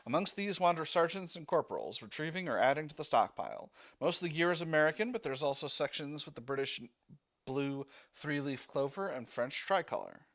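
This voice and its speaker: A man playing a text-based war game, reading the narration aloud and thinking out loud as he picks options. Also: a little high, lively intonation, brisk. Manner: reads narration, thinking aloud with fillers and restarts. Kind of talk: let's-play narration.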